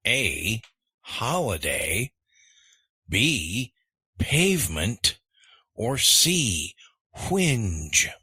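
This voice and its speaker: A man co-hosting a language-lesson podcast, reading quiz questions in a measured, encouraging way. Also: fairly low pitch, big pitch swings, pushed and bright, husky, no echo. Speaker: podcast co-host, quiz master.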